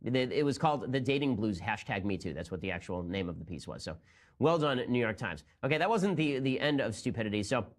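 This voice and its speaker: Rapid-fire sarcastic male commentator. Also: lowish voice, big pitch swings. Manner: sarcastic, incredulous, fast-talking. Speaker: political commentator host.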